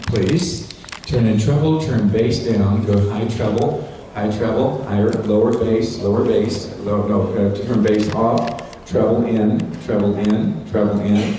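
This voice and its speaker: A man's voice: on the low side, warm tone, slight background noise. Folksy man on a PA in an echoey hall. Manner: folksy, instructive, directing a sound tech. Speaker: presenter at a sales training event. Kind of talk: live talk to a seminar audience. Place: large echoing hall with an audience. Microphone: cordless handheld microphone over a PA. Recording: echoey hall recorded from far off.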